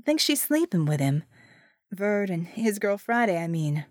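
A woman's voice: medium pitch, big pitch swings, a little slow, a little mellow, no room sound, studio quality. A woman as a teasing, impish bartender. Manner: teasing, playful.

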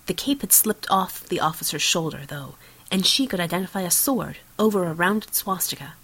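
Woman narrating with a husky low voice. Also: expressive, moderate pace, a bit bright, low-quality recording. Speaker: audiobook narrator. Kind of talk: scripted narration.

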